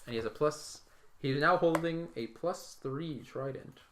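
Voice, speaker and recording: A man running a tabletop game as dungeon master, casual and blunt, swearing freely and narrating misses with deadpan sound effects. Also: a little high, a little slow, heavy background noise.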